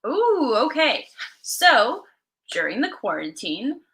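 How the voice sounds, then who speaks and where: A woman's voice: high-pitched, wildly swooping pitch, slow pace, a bit bright. A woman co-hosting a comic shop stream, chatting casually and laughing often at herself. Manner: giggly, self-deprecating. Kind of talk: casual chat.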